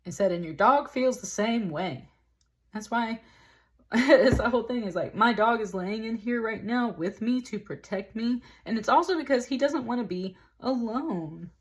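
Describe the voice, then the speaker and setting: A woman's voice: on the high side, normal speed. A woman giving a casual tarot reading, rambling and talking loosely with lots of "like" and the odd laugh. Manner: rambling, heavy use of "like", with laughs. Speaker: tarot reader.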